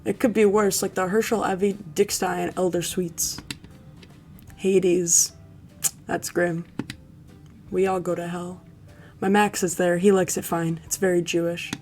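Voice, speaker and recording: A blunt retiree in her late sixties, brash and gossipy, read out by a woman streamer. The read stays dry and matter-of-fact, with a gravelly creak in the voice. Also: lowish voice, little pitch movement, a little slow, pauses often, a little mellow, faint music behind.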